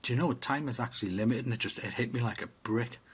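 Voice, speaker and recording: A man's voice: mid-range voice, fast talker, breathy edge. A middle-aged man co-hosting a casual podcast, reflective and rambling with restarts. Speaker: podcast co-host. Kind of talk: casual chat.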